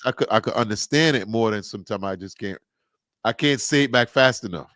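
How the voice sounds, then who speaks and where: A man's voice: lowish voice, fairly quick, dry recording, studio quality. A man co-hosting a casual podcast, chatting loosely and acting out the voices of people in his stories. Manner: animated storyteller, acts out quoted voices. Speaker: podcast co-host. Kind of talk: casual chat.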